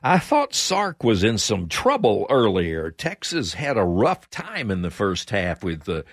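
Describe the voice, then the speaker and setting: A man's voice: fairly low pitch, wildly swooping pitch, unhurried, dry recording, clean studio sound. A man co-hosting a talk radio show, chatting casually with a rambling, stop-start delivery. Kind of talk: casual chat.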